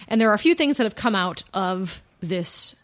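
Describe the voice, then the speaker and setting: A woman co-hosting a podcast, chatty and quick to laugh, often stumbling over words as she runs through film news. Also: medium pitch, animated. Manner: chatty, giggly, trips over her words. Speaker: podcast co-host. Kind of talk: casual podcast chat.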